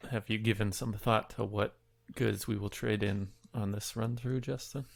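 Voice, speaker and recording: A man's voice: lowish voice, fairly even intonation, normal speed, creaky. A man playing a tabletop game, chatting casually and asking questions. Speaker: player.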